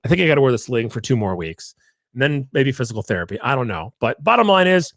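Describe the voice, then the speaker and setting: A man's voice: on the high side, no room sound, studio quality. A man hosting his own podcast, telling a story in a rambling, jokey, self-deprecating way. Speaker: podcast host. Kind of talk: casual solo podcast storytelling.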